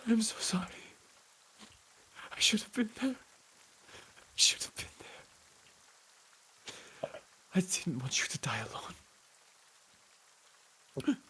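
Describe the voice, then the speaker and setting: A man's voice: high voice, sing-song, slow, long pauses, pushed and bright, pitched above the performer's own voice, exaggerated voice. A game master voicing a shivering, wounded man in his forties who weeps and whispers through his grief. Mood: grieving. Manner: weeping, breathless whispers.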